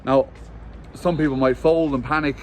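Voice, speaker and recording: A man's voice: medium pitch, steady tone. A man in his forties speaks openly in a walking outdoor interview, telling his story in a mid-range voice full of restarts. Faint street noise sits behind him. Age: 40s. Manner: open, storytelling, halting restarts. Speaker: interview guest. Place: outdoors in a hillside village, walking.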